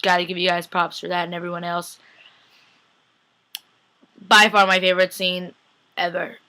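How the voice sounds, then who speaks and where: A young adult woman recaps an episode in a gushing, chatty vlog. Her voice is bright and forward, and she keeps acting out her own reactions with plenty of "like" in between. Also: on the low side, flat delivery, normal speed, clean tone, rough recording. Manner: gushing, chatty, acts out lines with lots of "like". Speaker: fan vlogger recapping a TV episode. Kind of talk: excited casual recap.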